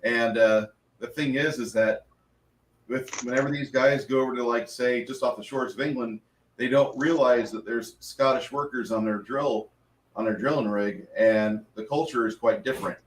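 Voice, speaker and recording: A game master's mid-range voice comes from far from the mic, in an echoey room with faint noise. Chatting after a tabletop game at normal speed with a steady tone, he rambles earnestly and keeps starting his sentences over.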